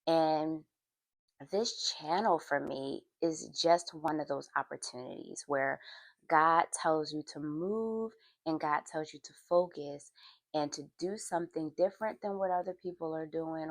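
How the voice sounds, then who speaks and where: A woman from Philadelphia who hosts a faith and therapy podcast, telling a personal story with animated flair, then reflecting earnestly. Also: sits low, no echo, studio quality. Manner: animated storytelling, acts out voices in quotes.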